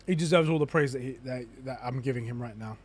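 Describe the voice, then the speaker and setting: A man's voice: medium pitch, quick pace. A young adult man chatting casually on a live stream, theorizing in a rambling way with lots of restarts. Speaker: gaming streamer.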